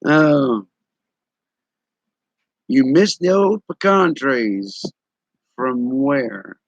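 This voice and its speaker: Extremely slow yet very animated, a mid-range male voice drawls folksy stories to live stream viewers, the host being a Tennessee man in his sixties with an East Tennessee Southern accent who chuckles as he talks. The recording is dry and dull.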